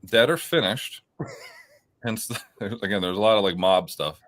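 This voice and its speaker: A man running a friendly slang quiz in casual group chat talks in an unhurried, lowish voice with a slightly bright quality. He's joking throughout and often restarts what he's saying.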